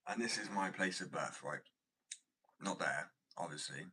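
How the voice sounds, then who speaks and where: Husky low-voiced young man rambling. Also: unhurried, pushed and bright, poor audio. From Wales. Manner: rambling, profane and chatty. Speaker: streamer and artist. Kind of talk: casual livestream chat.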